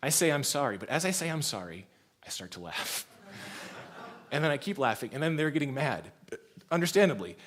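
A man in his thirties, a pastor preaching a sermon in a church, telling stories and laughing along. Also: on the high side. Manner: storytelling, laughs often, lively shifts in loudness.

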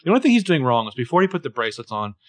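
A man's voice: a little high, very animated, rapid-fire, dry recording. A young man co-hosting a casual chat about a TV episode, with hedging, jokey commentary. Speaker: podcast co-host recapping a TV show.

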